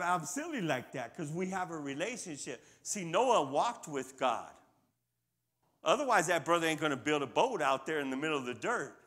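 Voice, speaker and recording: Male lay preacher, casual and conversational from the pulpit, voice sits a little high. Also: fairly bright tone. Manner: conversational, folksy preaching with call-and-response. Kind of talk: sermon and closing prayer.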